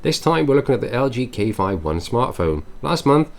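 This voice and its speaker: A man's voice: mid-range voice, big pitch swings, moderate pace. A man hosting a casual tech news show, reading headlines aloud and adding offhand chatty asides. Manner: reads headlines then adds offhand chatty asides and musings.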